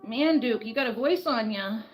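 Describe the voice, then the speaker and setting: A woman's voice: on the high side, expressive, normal speed, a little hiss or hum, poor audio. A woman chatting through caring for an injured bird, coaxing and soothing it as she goes. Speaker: animal caretaker. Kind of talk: casual vlog narration. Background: dog barking.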